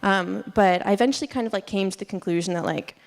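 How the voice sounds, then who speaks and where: Young woman talking thru a student presentation, lots of um and like, mid pitch, echo from a big hall. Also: fast talker, vocal fry. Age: young adult. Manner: chatty, many "um" and "like", laughs often. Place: lecture hall. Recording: long reverb in a hall.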